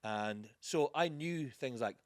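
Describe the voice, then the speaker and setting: A man's voice: medium pitch, expressive, takes it slowly, no echo, studio quality. Blunt man hosting a podcast. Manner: blunt, swearing anecdotes. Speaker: podcast host; former soldier. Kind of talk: casual chat.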